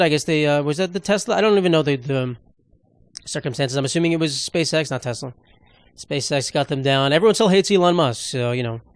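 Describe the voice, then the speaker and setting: A young man hosts his own comedy podcast, rambling from one sarcastic joke to the next with quick asides. His voice sits a bit high for a man. The sound is dry and close, with no room around it. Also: no room sound. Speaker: podcast host. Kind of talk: solo comedic podcast rant.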